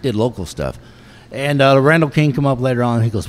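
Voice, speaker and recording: A man's voice: mid-range voice, brisk. A man hosting a casual talk show, rambling through stories and laughing often. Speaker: host. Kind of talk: casual radio-style show chat.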